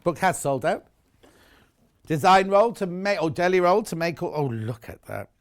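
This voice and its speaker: A man's voice: high-pitched, lively intonation, unhurried, a little hiss or hum. A middle-aged man presenting products live on a home shopping channel, chatty, enthusiastic and jokey about himself.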